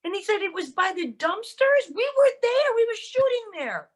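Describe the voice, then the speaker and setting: A woman's voice: very high-pitched, normal speed. A woman guest, telling set stories in a loose, laughing way and acting out what people said. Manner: animated, laughing, swearing, acts out quotes. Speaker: podcast guest, actress and director. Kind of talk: casual storytelling interview.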